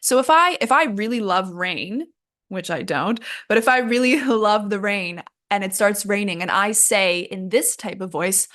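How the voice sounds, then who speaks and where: A woman's voice: medium pitch, normal speed, fairly bright tone. A young woman teaching an English lesson in a casual, chatty way, laughing at herself and using lots of fillers.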